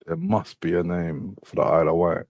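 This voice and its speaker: A man's voice: low voice, flat delivery, a little fast, creaky, darkish tone, dry recording. A man chatting casually, curious and asking question after question. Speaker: podcast co-host. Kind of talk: casual banter.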